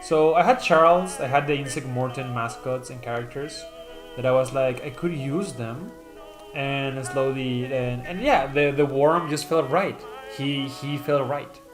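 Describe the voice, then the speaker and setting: A streamer presenting his channel mascot chats casually on a live stream, reading viewer comments aloud and rambling with many fillers and restarts. He speaks a little slowly in a mid-range voice over music.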